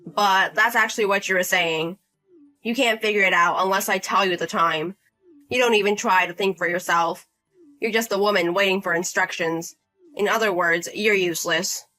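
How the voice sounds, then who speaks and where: A woman reading as a condescending, bossy man in his thirties, scolding as if he owns the place. The voice is bright and forward, with a demanding, talking-down manner. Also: medium pitch, steady tone, normal speed, soft background music, natural voice.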